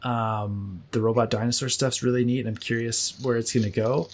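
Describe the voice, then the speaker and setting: A man in his thirties co-hosting a podcast, telling relaxed stories in casual chat with plenty of fillers. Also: mid-range voice, normal speed. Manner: relaxed storytelling with many fillers. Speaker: podcast co-host.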